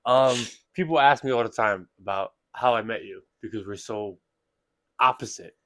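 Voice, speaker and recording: A man's voice: on the low side, normal speed, a bit bright, no room sound. A young man co-hosting a podcast, chatting casually, laughing often and retelling stories with acted-out quotes. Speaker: podcast co-host. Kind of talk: casual chat.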